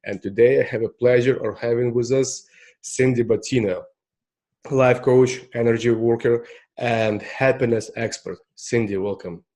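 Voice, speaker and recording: Male podcast host, upbeat and eager, dark mellow tone. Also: mid-range voice, fairly even intonation, moderate pace. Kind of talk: podcast interview hosting.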